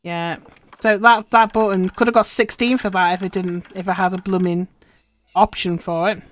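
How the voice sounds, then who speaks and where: Her voice is medium in pitch with fairly even intonation, and she keeps a moderate pace. She's a chatty streamer, casually commenting on her live game and muttering instructions to herself as she plays.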